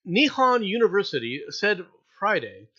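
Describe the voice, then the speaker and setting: American guy ranting on a news stream, really bright sharp voice, dull lo-fi audio. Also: high-pitched, moderate pace, breathy edge. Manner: animated, opinionated, laughs often. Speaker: co-host reading news stories. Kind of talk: casual news chat on a stream.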